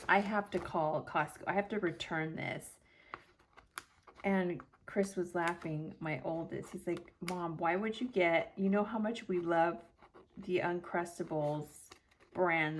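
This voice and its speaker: A middle-aged woman chatting casually at her home craft desk, telling an animated story and acting out what people said. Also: on the low side, a little hiss or hum. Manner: animated, acts out quotes with laughter. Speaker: planner vlogger. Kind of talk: chatty storytelling while decorating a planner.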